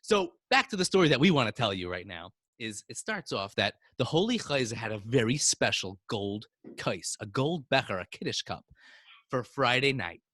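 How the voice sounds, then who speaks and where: A man's voice: normal speed, no room sound, clean studio sound. A man telling Hasidic stories to children as a teacher in an online class. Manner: animated, with sudden swings of pitch. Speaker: storyteller teacher. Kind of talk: storytelling for children.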